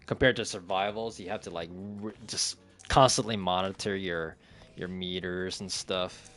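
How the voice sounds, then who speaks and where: A man streaming a relaxed home-renovation game, commenting casually, reading chat aloud and chuckling often. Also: low voice, normal speed. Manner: laid-back, chuckles often, talks to chat. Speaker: gaming streamer. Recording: faint game music behind.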